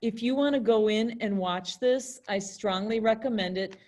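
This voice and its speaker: A woman's voice: fairly high pitch, moderate pace, a little mellow. A young woman teaching an online class in a chatty way, acting out example phrases in different tones. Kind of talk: virtual classroom lesson.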